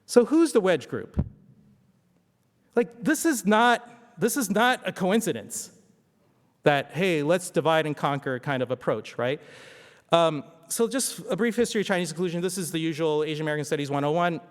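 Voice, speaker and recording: A man with a fairly high voice and lively intonation gives a conversational history lecture at a symposium, speaking at a normal speed. He frequently poses rhetorical questions to the audience, and the hall adds a long reverb.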